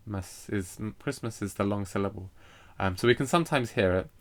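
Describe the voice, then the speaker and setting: A man teaching a recorded poetry lesson, hesitant and full of fillers as he explains meter. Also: fairly low pitch. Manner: hesitant, lots of fillers and restarts; reads poetry lines aloud slowly with stress.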